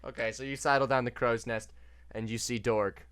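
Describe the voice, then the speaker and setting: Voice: mid-range voice, steady tone, normal speed, a bit bright, clear, resonant tone, no echo. A game master narrating a tabletop game over a voice call, casual and hesitant with many fillers. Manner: hesitant, lots of uh and restarts, casual. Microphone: desk mic on a voice call.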